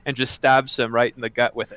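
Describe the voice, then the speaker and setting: A man playing a tabletop game, describing his character's moves in a measured way with hesitant fillers. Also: mid-range voice, little pitch movement, fairly bright tone, clear, resonant tone, no echo. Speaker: player.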